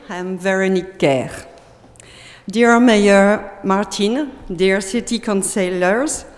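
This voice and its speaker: A French woman with a French accent, a visiting deputy mayor giving a prepared speech in halting English, searching for words. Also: mid-range voice. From France. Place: council chamber. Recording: reverberant chamber on meeting mic.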